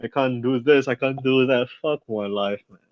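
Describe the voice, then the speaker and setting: A young man, co-hosting a podcast in casual chat. He laughs often, swears freely and tells stories with animated energy. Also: medium pitch, moderate pace, no room sound. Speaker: podcast co-host. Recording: dry, slightly dull podcast mic sound.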